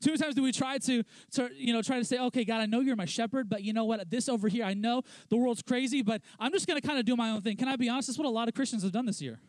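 Young pastor guy preaching real casual, high voice, lots of "let's be honest", goes low and quiet for quotes. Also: rapid-fire, hardly any pauses, no echo. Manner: conversational, lots of restarts and "let's be honest" asides; acts out quoted lines in a lower, quieter voice. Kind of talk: sermon.

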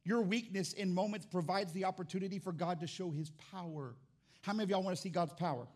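Animated comic male preacher. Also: sits high, fast. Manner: animated, comic, shifts between loud bursts and quiet asides. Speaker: pastor. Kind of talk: sermon with storytelling.

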